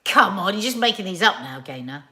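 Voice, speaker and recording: A woman's voice: medium pitch, lively intonation, a little fast, pushed and bright. Chatty woman reading viewer comments. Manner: playful, reads out comments with exaggerated delivery. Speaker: live-stream host reading viewer comments. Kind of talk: casual chat.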